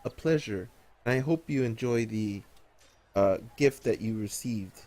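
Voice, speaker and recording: A gentle, courteous male druid , as a game master puts him on for a tabletop game. He speaks kindly and unhurriedly. His voice sits a touch above the narrator's own. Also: mid-range voice, unhurried, close to an everyday voice.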